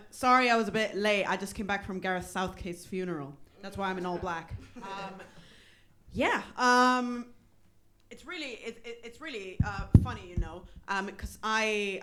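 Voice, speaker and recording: A female stand-up comic working a small club crowd, asking people where they're from and teasing them. Her speech is loose and hesitant, full of little "ums," and her pitch sits in a middle range. English is a second language for her. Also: a bit bright. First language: not English. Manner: self-deprecating, crowd work, many ums. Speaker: stand-up comedian. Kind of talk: stand-up comedy.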